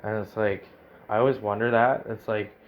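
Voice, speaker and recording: A man's voice: on the low side, fairly even intonation, moderate pace, a little hiss or hum. A man reading a text adventure aloud and commenting, rambling and saying "like" a lot. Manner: rambling, heavy use of "like". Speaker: video game commentator. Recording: slightly dull lo-fi recording.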